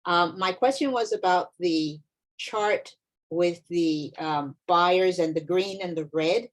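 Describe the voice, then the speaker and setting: A woman who is attending a webinar asks a question over a video call. She speaks politely and a little hesitantly, and her voice is fairly low. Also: takes it slowly.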